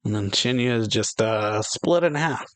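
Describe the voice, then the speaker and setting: A man's voice: mid-range voice, expressive, slow pace. A man hosting a manga reaction, reading the dialogue aloud in a casual way and laughing often between lines.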